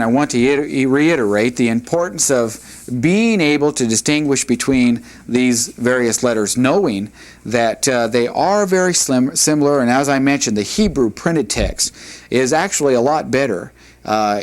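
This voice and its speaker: A man teaching a Hebrew reading lesson, sounding out practice words one at a time with long pauses and stopping to correct himself. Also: mid-range voice.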